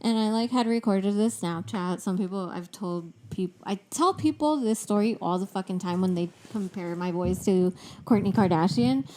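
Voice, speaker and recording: A woman's voice: mid-range voice, moderate pace, darkish tone, slight background noise. A woman co-hosting a podcast in casual chat, with a laid-back, drowsy-sounding way of talking. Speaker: podcast co-host.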